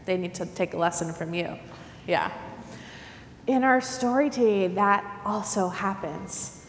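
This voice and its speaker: A woman pastor giving a children's sermon in a church, telling the story with lively voices. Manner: animated storytelling, acts out the crowd's shouting. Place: church sanctuary. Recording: church hall reverb, faint rumble.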